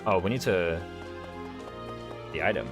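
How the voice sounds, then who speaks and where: With game music underneath, a man streaming a strategy game rambles and thinks out loud in casual commentary. His voice is low-pitched with lively intonation and a slightly slow pace, and his Southern US accent drops its consonants.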